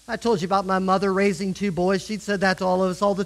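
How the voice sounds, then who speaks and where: A man's voice: high voice, level tone, fast talker, creaky, hardly any pauses, poor audio. A middle-aged man with an American accent, preaching a sermon as pastor and acting out pleas and quotes with rising intensity. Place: church sanctuary.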